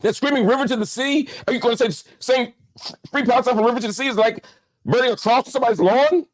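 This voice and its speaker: A man's voice: very high voice, quick pace, no echo, rough recording. A middle-aged man giving impassioned commentary as host, indignant and firing off rhetorical questions.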